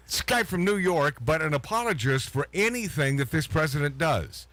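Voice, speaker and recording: A man hosts a talk radio show in a blunt, ranting, profane way. His voice sits in a middle pitch. The sound is dry and close, with no room around it. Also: sing-song, fairly quick, hardly any pauses, a bit bright, dry recording. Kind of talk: opinionated talk radio chat.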